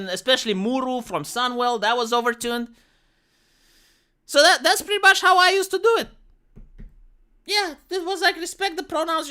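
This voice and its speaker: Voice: medium pitch, smooth. A streamer with a Romanian accent, ranting bluntly and with plenty of swearing in a casual livestream about leading raids. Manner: blunt, profane, animated ranting. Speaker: streamer and former raid leader.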